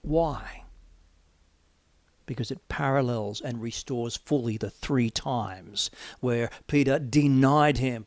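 A man's voice: mid-range voice, slow, dry recording. Emphatic middle-aged male preacher, dry sound. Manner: emphatic, swinging from loud declarations to hushed near-whispers. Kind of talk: sermon.

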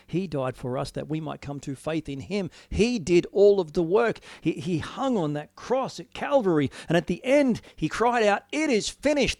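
An earnest man preaching slowly and deliberately in a gravelly voice that sits a little high for a man. He drifts between quiet, musing reflection and sudden emphatic declarations. The sound is dry and close, with no room around it. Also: no echo. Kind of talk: informal sermon, devotional talk.

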